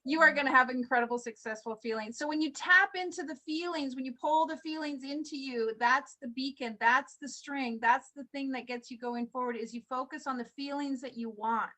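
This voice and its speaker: A woman's voice: high voice, brisk, hardly any pauses, bright, forceful tone. A woman leading a group video call as a motivational coach, enthusiastic and encouraging, full of rhetorical questions.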